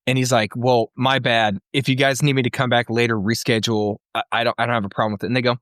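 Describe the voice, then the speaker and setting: A man's voice: medium pitch, little pitch movement, fast talker, a bit bright, no echo, clean studio sound. A man co-hosting a casual comedy podcast, telling an exasperated story with plenty of swearing. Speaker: podcast co-host.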